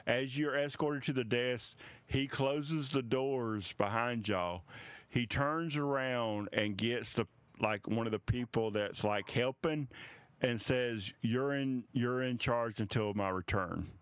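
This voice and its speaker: A man narrates a tabletop game as game master, slow and relaxed, with plenty of fillers. His voice is smooth and clear, recorded close and dry. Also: medium pitch, dry recording.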